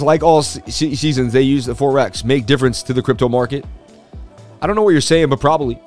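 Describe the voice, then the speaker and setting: Man, crypto stream host, casual chatty talk, reads comments aloud, mid-pitched voice, faint music behind. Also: fairly quick, darkish tone. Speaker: crypto market livestream host.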